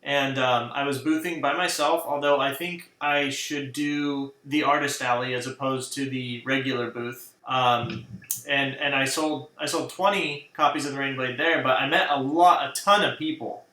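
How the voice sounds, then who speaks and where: A man's voice: mid-range voice, normal speed, reverberant, low-quality recording. A man, an author and graphic designer, chatting casually in a self-deprecating way. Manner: animated, self-deprecating, laughs often. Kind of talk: casual chat.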